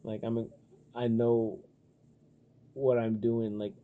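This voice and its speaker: A man talking in a loose, rambling casual monologue, profane and full of filler words, getting animated when riled up. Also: mid-range voice, takes it slowly. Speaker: vlogger.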